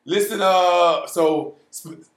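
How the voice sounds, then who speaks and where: A man with a fairly high voice co-hosts a podcast, talking profanely and emphatically and laughing easily. The room is roomy and echoey around him. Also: slow pace. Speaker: podcast co-host. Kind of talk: casual podcast banter. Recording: roomy echo.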